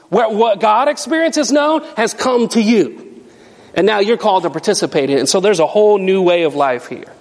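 High-voiced man preaching in a reverberant hall. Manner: animated, emphatic preaching with rhetorical questions. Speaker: pastor. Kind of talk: sermon.

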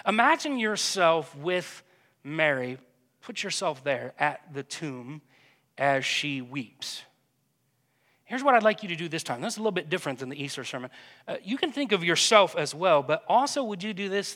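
A man leading a congregation through a guided prayer meditation, speaking gently and hesitantly, often repeating words. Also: a little high, big pitch swings, moderate pace. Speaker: pastor. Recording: long reverb of a church hall.

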